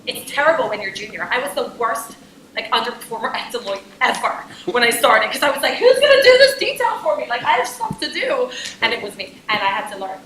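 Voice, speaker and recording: A young adult woman giving a lively, jokey business workshop talk to a conference audience and asking them questions. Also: fairly high pitch, brisk, roomy sound, a little hiss or hum, low-quality recording. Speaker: conference speaker. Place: conference room.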